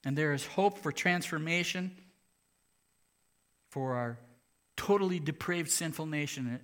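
A man preaching a sermon, moving between hushed, slow passages and loud, emphatic ones. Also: fairly high pitch. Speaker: pastor.

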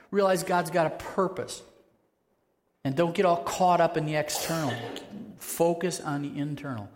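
A man preaching a sermon in an earnest, conversational way that rises to loud, emphatic peaks. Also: medium pitch. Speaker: pastor. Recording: long hall reverb.

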